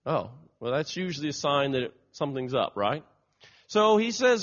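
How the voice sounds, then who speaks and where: Man preacher, sermon, animated storytelling, slightly high voice, dull lo-fi recording. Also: moderate pace. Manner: storytelling, animated, acts out quotes.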